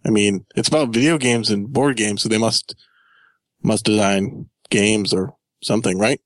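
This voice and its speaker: A man's voice: on the low side, steady tone, normal speed, no echo. A man hosting a gaming podcast, joking and chatting casually with his co-host.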